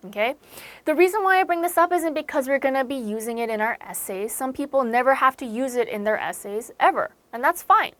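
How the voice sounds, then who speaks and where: Brief: young American woman, vocabulary teacher, slightly high voice, chatty and explanatory with lots of fillers. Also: fairly bright tone. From United States. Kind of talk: online vocabulary lecture.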